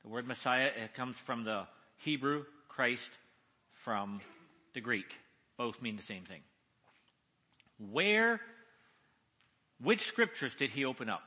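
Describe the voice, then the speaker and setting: Lively, bright-voiced man preaching in a hall. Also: mid-range voice. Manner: reads slowly, deliberately, with emphasis; asks the audience questions. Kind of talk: conference sermon with scripture reading. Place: large conference hall. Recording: echoey hall reverb.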